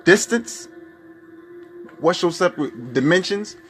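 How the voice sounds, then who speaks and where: A man's voice: high-pitched, expressive, a little slow, fairly bright tone, soft background music. A man preaching a spoken-word sermon, firing off fervent rhetorical questions.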